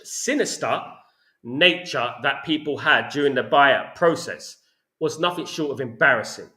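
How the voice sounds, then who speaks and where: This London-accented football channel host delivers opinionated fan commentary, ranting about his club with repetitive passion. His voice sits on the high side, pushed and bright, in an echoey room.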